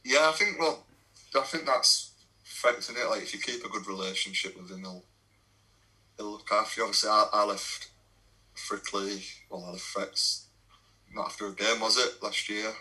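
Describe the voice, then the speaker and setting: A man's voice: lowish voice, moderate pace, bright, forceful tone, low-quality recording. A young English man, a non-league footballer, telling laddish stories in a casual podcast chat, swearing and laughing as he goes.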